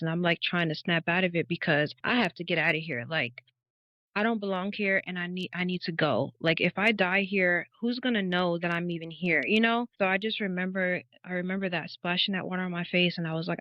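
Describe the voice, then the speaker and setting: A woman's voice: on the low side, dry recording. A woman in her thirties recounts her past as a guest on a faith podcast, speaking in an earnest and reflective way. Her voice sits close and dry on the mic, and the recording is a little dull and muffled. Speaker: interview guest sharing her testimony. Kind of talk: conversational personal testimony. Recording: dull, slightly muffled audio.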